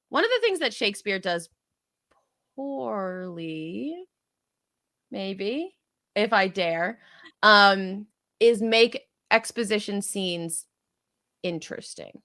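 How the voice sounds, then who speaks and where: A woman co-hosting a podcast, chatting casually and acting out characters in quick voices. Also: mid-range voice, a bit bright, no room sound, studio quality. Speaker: podcast co-host. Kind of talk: casual chat.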